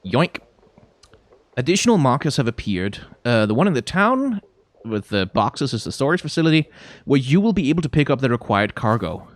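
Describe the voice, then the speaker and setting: A man's voice: mid-range voice, sing-song, normal speed, dry recording. Danish man musing over gameplay. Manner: rambling, thinking aloud, reads on-screen tutorial text. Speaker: YouTuber playing a driving game. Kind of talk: casual gameplay commentary.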